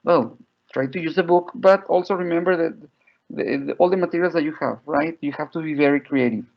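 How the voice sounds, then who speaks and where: Male workshop presenter with a gravelly, slightly high voice. Chatty, keeps checking in with listeners. Dull, lo-fi video call sound. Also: a little fast. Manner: chatty, checks in with "right?" often. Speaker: teacher trainer. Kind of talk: online workshop lecture. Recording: dull lo-fi online audio.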